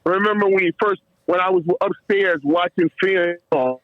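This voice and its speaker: A man's voice: high voice, unhurried, no echo. A middle-aged man, a former football player, telling emotional stories as a podcast guest, stumbling over repeated words and laughing as he goes. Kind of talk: emotional storytelling in a podcast interview. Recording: dull, muffled, dry sound.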